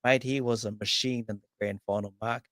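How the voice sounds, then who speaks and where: A New man hosts a relaxed motorsport chat, quick with jokes and shout-outs to viewers. His voice sits at a middling pitch and sounds dry and close, with no room around it. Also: dry recording. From New Zealand. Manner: upbeat, jokey, rattles off viewer names. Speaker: podcast host.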